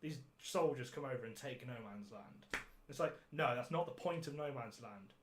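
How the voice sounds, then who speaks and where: A man's voice: medium pitch, lively intonation, normal speed, background noise. A man hosting a podcast, reviewing a film in casual chat, sarcastic and ranting, swearing freely and laughing at his own jokes. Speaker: podcast host.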